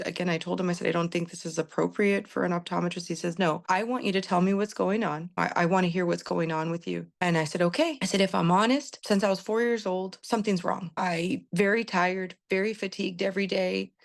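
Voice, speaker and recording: Middle-aged woman, low voice, gravelly fry, candid personal storytelling, earnest, lots of fillers. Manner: candid, earnest, recounts dialogue with many fillers. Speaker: patient sharing her story.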